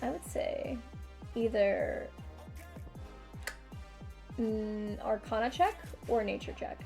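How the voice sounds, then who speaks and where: A woman's voice: on the high side, slow, gravelly, a little mellow. Young woman GM, chatty and hesitant, light music behind. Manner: casual, hesitant, many fillers. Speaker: game master. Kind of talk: narrating a tabletop game.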